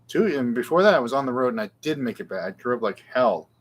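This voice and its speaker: A man's voice: medium pitch, sing-song, fast, breathy edge. A middle-aged man, hosting a casual live guitar Q&A with rambling, self-deprecating chat. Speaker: guitar shop show host.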